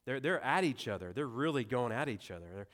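A man's voice: medium pitch, lively intonation, a little fast, fairly bright tone. A young adult man preaching a sermon in a conversational way, with asides and rhetorical questions. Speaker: pastor.

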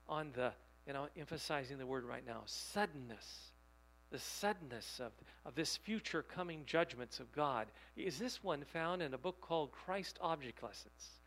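A man preaching a sermon, reading quotations slowly and putting rhetorical questions to his listeners. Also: fairly high pitch, fairly bright tone, low-quality recording. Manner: emphatic, rhetorical questions to the audience; reads quotations aloud slowly.

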